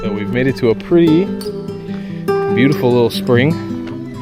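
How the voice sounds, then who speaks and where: A young man vlogging on a hike with a camera in hand, relaxed and chatty, swearing now and then. His voice sits at an ordinary middle pitch. Clear music plays underneath. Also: a little slow. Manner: chatty and candid, swears casually. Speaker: travel vlogger. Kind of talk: casual travel vlog talk. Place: outdoors in countryside by a spring.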